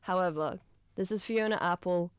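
A woman's voice: mid-range voice, steady tone, gravelly, noisy background. A young woman co-hosting a radio show, chatting casually about a film with lots of fillers. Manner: chatty, fast, with many fillers. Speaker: radio co-host.

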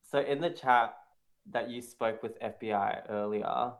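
A man interviewing a band in a relaxed, casual way, asking long questions. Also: mid-range voice, a little slow.

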